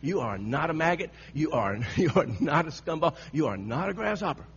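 A man's voice: fairly high pitch, very animated, a little fast. A man preaching a sermon, telling a story with frequent laughter and repeated phrases, on a dull lo-fi recording with a faint hum.

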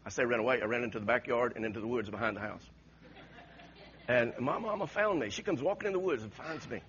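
A man's voice: mid-range voice, fast talker, a bit bright, muffled recording, a little hiss or hum. A male preacher giving an impassioned sermon with repeated exhortations to the congregation.

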